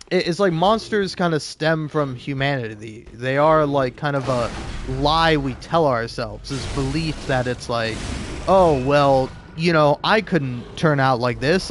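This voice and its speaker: A man's voice: mid-range voice, a little hiss or hum. Rambling young man musing mid-game. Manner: halting, full of filler words and restarts. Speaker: gaming video creator. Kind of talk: rambling musing commentary while playing.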